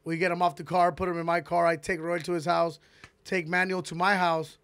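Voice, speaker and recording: A man hosting a podcast, telling a long story in a rambling, animated way and swearing heavily, on a close mic. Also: high-pitched, fairly quick, smooth, no room sound. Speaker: podcast host. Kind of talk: casual storytelling.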